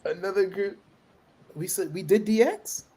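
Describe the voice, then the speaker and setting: A man's voice: high-pitched, moderate pace, warm tone. A man from Jamaica co-hosting a podcast, arguing playfully in casual banter. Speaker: podcast co-host. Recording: echoey room.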